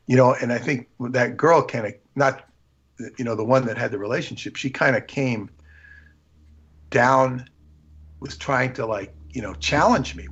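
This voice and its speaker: Man, husky and muffled, rambling storyteller with lots of restarts, casual livestream guest. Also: mid-range voice, normal speed, fairly bright tone. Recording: dull lo-fi stream audio.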